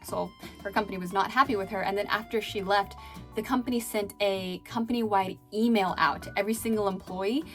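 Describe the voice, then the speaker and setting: A woman's voice: medium pitch, steady tone, a little fast, a bit bright, soft background music. A woman telling stories in a casual vlog, chatty and full of fillers. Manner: chatty, filler-heavy, laughing now and then. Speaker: vlogger and former chat host.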